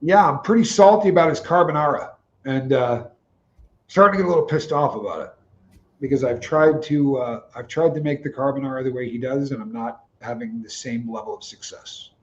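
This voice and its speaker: A man's voice: medium pitch, fairly quick, reverberant. A man co-hosting a casual livestream chat in an easygoing, wry way. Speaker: co-host. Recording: dull lo-fi mic.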